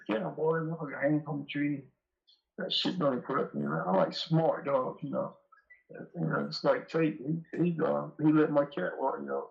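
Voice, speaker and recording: Guest: man with a raised, gravelly voice. Rambling, profane storyteller, heard on dull lo-fi audio. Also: fairly high pitch. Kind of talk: casual storytelling interview.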